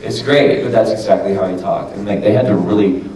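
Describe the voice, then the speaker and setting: A man with a worn, hoarse voice, chatting loosely and swearing freely as a voice actor answering questions on a convention panel. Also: fairly low pitch, fairly even intonation, a little fast, dark tone. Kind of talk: casual panel Q&A. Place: large convention hall. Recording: echoey hall from far off.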